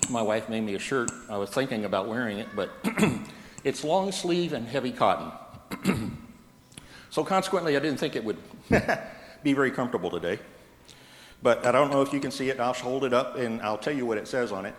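Speaking at a normal speed with a medium pitch and lively intonation, this pastor delivers his sermon as plain, conversational storytelling. The church sanctuary gives the recording a reverberant, echoey sound.

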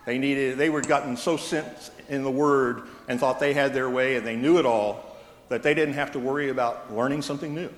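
A man preaching a sermon in a church, telling stories with gentle humor. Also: mid-range voice, fairly even intonation, brisk. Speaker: pastor. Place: church sanctuary. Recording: echoey church hall from a distance.

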